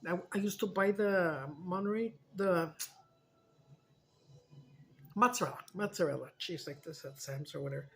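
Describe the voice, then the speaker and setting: Chatty woman with a lowish voice. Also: normal speed, long pauses, fairly bright tone, a little hiss or hum. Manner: chatty, emotional, mixes in Spanish and swears. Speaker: mukbang vlogger. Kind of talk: casual storytelling chat.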